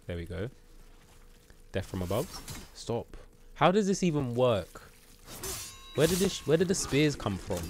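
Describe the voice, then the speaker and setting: Lively British man streaming a game. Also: lowish voice, a little hiss or hum. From Britain. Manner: playful, banters with chat, jokes and mutters at the game. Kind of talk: live gameplay commentary chatting with viewers.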